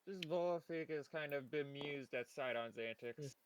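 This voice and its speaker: A man's voice: on the high side, moderate pace, slight background noise, rough recording. A man playing a tabletop game, narrating his character in a rambling, self-interrupting way. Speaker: player. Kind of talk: casual tabletop play.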